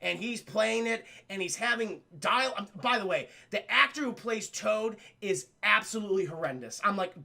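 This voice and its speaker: Gravelly, bright-voiced male streamer. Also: high-pitched, lively intonation, brisk. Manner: rambling, profane, sarcastic. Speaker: film reviewer streaming to a live chat. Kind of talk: casual commentary.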